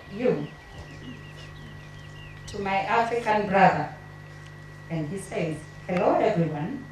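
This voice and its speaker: Tearful woman giving a eulogy, slow and mellow, recorded from far off in an echoey hall. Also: mid-range voice, slight background noise. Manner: emotional, halting delivery. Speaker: family member giving a eulogy. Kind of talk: reading tributes at a memorial service. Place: memorial gathering in a large hall.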